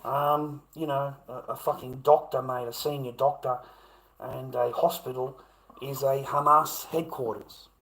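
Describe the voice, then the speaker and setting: A man's voice: mid-range voice, fairly even intonation, measured pace, gravelly, fairly bright tone, low-quality recording. An Australian man ranting casually to his livestream chat, blunt and swearing constantly.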